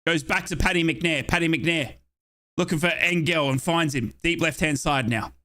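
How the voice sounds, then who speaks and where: Excitable Australian man commentating football. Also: fairly high pitch, moderate pace. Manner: chatty and excitable, with playful asides. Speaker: fan commentator on a match watchalong. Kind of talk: live play-by-play football commentary.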